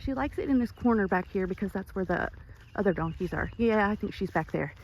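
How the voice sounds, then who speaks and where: A Texan woman vlogging as she walks her ranch, chatty and a little out of breath, switching into a high sing-song baby voice when she talks to her animals. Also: animated, brisk. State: slightly out of breath. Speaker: ranch owner. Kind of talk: casual walking vlog. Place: outdoors on a rural ranch property. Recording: outdoor ambience with animal noises.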